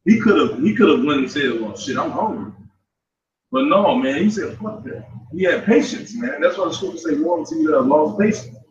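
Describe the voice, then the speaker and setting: A man's voice: on the high side, expressive, brisk. Slangy, profane street preacher man. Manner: slangy, profane, storytelling with laughs. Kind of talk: casual street sermon. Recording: dull, roomy, from far off.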